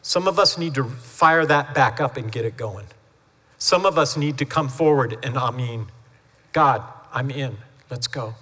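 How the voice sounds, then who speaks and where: A man's voice: medium pitch, moderate pace, sharp tone. A man preaching a sermon as the family pastor, chatty and storytelling, acting out quoted voices as he goes. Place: church sanctuary. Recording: long hall reverb from a church sanctuary.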